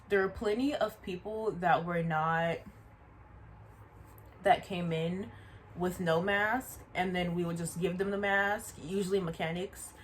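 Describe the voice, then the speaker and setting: A woman's voice: fairly low pitch, slight background noise. Chatty woman telling a storytime tale. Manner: animated, chatty, repeats asides to the viewer. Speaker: storyteller vlogger. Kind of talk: casual storytime.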